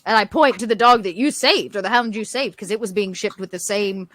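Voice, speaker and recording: A woman playing a tabletop role-playing game who pitches plans with playful flair. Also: brisk, a bit bright, no echo. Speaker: player. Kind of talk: in-character tabletop play.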